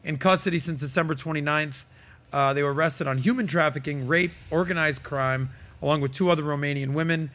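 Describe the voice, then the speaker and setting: A man's voice: a little high, a little fast, fairly bright tone. A man hosting a podcast, giving casual, emphatic commentary that is full of fillers. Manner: emphatic, quoting and reading aloud, many fillers. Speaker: podcast host.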